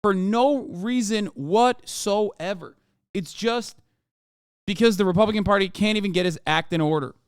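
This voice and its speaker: A man's voice: sits high, moderate pace, smooth, dry recording, clean studio sound. A man streaming a reaction to the news, ranting in a heated, sweary, emphatic way. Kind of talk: profane live-stream rant.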